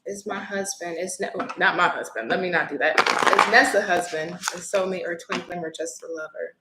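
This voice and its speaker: A woman's voice: lowish voice, moderate pace. A woman giving a casual, chatty tarot reading on a livestream, talking bluntly and laughing easily. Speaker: tarot reader. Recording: echoey room with faint noise.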